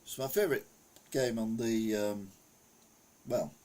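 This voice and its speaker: A middle-aged English man speaks a little slowly in a low, slightly mellow voice. Chatting casually on a retro gaming live stream, he drifts through rambling anecdotes and reads chat messages aloud.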